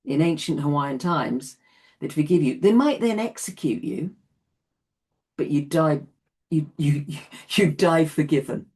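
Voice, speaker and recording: A woman's voice: deep voice, animated, a little slow, a little mellow. Chatty woman in her late sixties teaching. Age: 60s. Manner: chatty, laughs often between points. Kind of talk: online class teaching.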